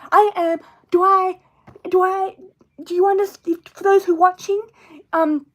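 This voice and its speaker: Very high-voiced rambling woman live-streamer. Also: little pitch movement, moderate pace. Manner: rambling, full of restarts and self-corrections; playful, drifts between topics. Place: indoor room at home with plush toys. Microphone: phone.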